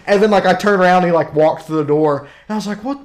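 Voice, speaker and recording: A young man co-hosting a casual podcast chat, telling stories with loud, animated quoted voices. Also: sits high, quick pace. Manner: animated storyteller, acts out quotes loudly. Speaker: podcast co-host.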